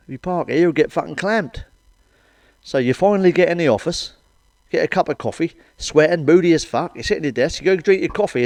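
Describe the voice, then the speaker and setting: A man's voice: a little high, a little mellow, dry recording. A man doing a blunt, foul-mouthed stand-up monologue of grumbling rants. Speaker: stand-up comedian.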